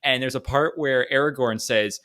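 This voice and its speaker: A man's voice: medium pitch, steady tone, moderate pace, pushed and bright. A man co-hosting a podcast in casual chat, rambling and joking, laughing often. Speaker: podcast co-host.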